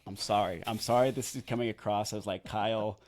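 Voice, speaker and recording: His voice is fairly low and darkish, with a steady tone and a slightly fast pace. He's in his thirties, co-hosts a podcast and films weddings. On the podcast he tells a rambling, chatty story at his own expense, saying "like" over and over.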